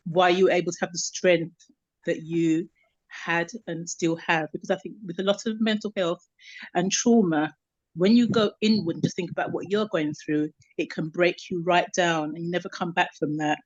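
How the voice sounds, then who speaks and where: Brief: woman panelist, halting and sincere, dull video-call audio. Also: on the low side, steady tone, dry recording. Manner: warm, hesitant, many fillers. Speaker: panel member. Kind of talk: casual remarks on a video call.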